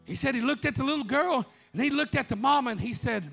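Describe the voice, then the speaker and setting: A man preaching a sermon, telling a story and then rising into fervent shouts. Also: extremely high pitch, animated, fast talker, creaky, hardly any pauses, faint music behind. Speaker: pastor.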